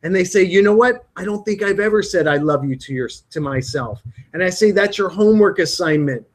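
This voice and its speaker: Earnest man leading a healing mantra. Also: sits high. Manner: earnest, speeds up when explaining, slow sing-song chanting. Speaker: acupuncturist leading a healing session. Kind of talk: guided mantra meditation.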